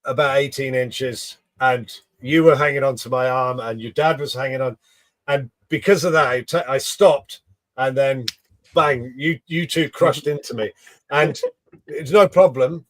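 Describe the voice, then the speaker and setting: A man as a podcast guest, recounting a field story in a relaxed way and acting out what others said. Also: mid-range voice, unhurried, dry recording. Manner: relaxed anecdote telling, acts out quotes. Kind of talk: casual storytelling chat.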